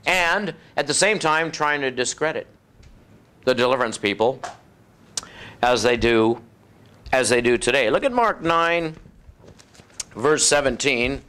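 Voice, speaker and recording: A man preaching a sermon in a folksy, conversational way, acting out other people's voices and dropping low and soft for effect. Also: expressive, a little slow, pauses often. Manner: acts out voices of demons and doubters, drops low and soft for effect.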